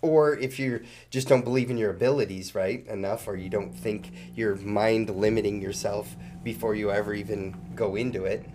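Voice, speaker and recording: A man co-hosting a casual podcast, steering the talk and musing aloud between fillers. His voice sits on the low side. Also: steady tone, moderate pace, few pauses, darkish tone, slight background noise. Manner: prompting, conversational, with fillers. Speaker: podcast co-host.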